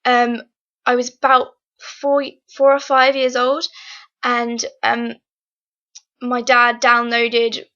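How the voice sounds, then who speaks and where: A woman's voice: a little high, completely flat delivery, slow pace, pushed and bright. A teenage girl, chatting casually in a vlog, rambling with lots of ums and restarts. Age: teens. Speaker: vlogger. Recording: dull lo-fi webcam sound.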